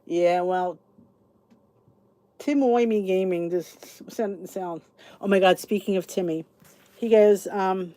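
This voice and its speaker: A woman's voice: medium pitch, slow pace, pauses often, dark tone. A middle-aged woman from New Jersey hosting a casual livestream, chatting with viewers by name and laughing often. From New Jersey, USA. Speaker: channel host.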